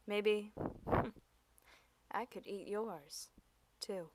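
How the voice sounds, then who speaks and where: A young woman doing a self-mocking comedic monologue in a deadpan way. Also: medium pitch, measured pace, slight background noise.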